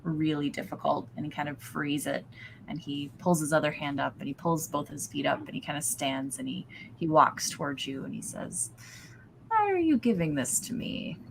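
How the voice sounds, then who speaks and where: A woman with a fairly low voice narrates as game master in a tabletop role-playing game. She talks casually and hesitantly, full of fillers and light laughter, and a faint hiss sits under her voice. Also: flat delivery, moderate pace, creaky, rough recording. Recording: faint background noise.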